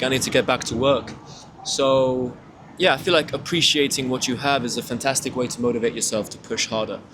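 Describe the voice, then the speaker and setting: A man's voice: medium pitch, a little hiss or hum. A young British man of eighteen chatting casually in a travel vlog, rambling and swearing easily. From Britain. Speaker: travel vlogger. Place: outdoors on windy city streets.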